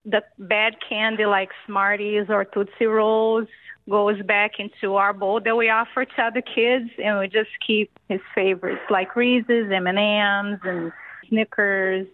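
A woman in her forties from California talks with a radio host over a narrow, phone-like line. Her voice is mid-pitched and the sound is dry. She speaks cheerfully and practically. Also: little pitch movement, measured pace, no echo. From California, USA. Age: 40s. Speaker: caller on a radio show. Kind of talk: casual phone interview. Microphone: telephone.

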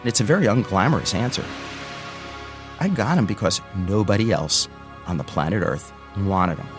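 An older man from the United States recounts his own story with animated energy, slipping into the voices of others as he goes. His voice sits on the low side. Guitar music plays clearly beneath him. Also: moderate pace. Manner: animated, acts out quoted voices. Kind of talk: first-person storytelling.

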